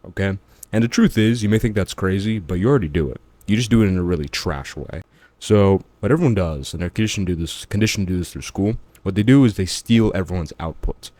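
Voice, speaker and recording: A man's voice: low-pitched, fast, dark tone, no room sound. A man talking straight to the viewer in a casual, slangy, motivational vlog. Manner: slangy, emphatic, addresses the viewer directly. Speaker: self-improvement vlogger. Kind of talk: casual motivational talk to camera.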